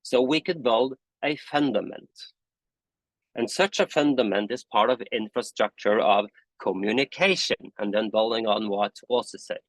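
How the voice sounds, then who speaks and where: A man's voice: mid-range voice, fairly bright tone, dry recording, rough recording. A man giving a conversational webinar presentation on a video call, now and then correcting himself mid-sentence. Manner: conversational, self-correcting, admits talking fast from coffee. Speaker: presenter, standards committee convener.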